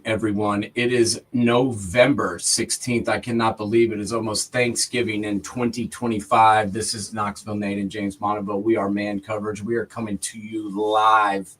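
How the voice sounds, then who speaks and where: A man co-hosting a live college football talk show, ranting and telling stories in a casual, excitable way. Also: lowish voice, slight background noise, poor audio. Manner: excitable, ranting, retells stories with animated voices. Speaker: co-host.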